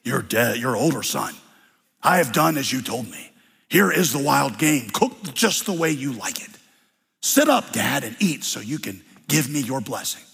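A man voicing the biblical son Jacob, coaxing and quick with his words, in a reverberant hall. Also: mid-range voice, lively intonation, vocal fry, a bit bright, husky, pitched below the performer's own voice, full character voice. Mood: ingratiating. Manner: ingratiating, quick. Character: scheming younger son Jacob, smooth-talking.

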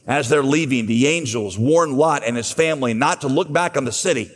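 Husky preacher in a reverberant hall. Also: male voice, mid-range voice, fairly quick. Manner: storytelling preacher, voices biblical dialogue. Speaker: pastor. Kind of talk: sermon.

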